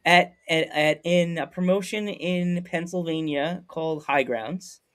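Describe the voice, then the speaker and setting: Animated man telling a story. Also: a little high, measured pace. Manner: animated storyteller acting out quotes. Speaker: podcast host. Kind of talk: casual storytelling chat.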